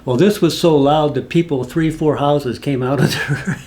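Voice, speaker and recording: A man's voice: a little high, steady tone, normal speed, a little mellow. A man casually telling a rambling, folksy personal story, full of asides. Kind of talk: casual spoken anecdote.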